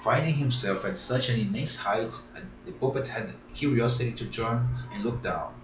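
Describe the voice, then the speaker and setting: A man reading a children's book aloud, halting and often restarting his phrases. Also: medium pitch. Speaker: reader. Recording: roomy, distant, faint background hiss.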